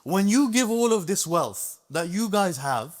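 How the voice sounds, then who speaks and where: A man's voice: high voice, sing-song, unhurried, pitched above the performer's own voice. A man voicing a defiant elderly scholar who rebukes a sultan in a firm, pointed way.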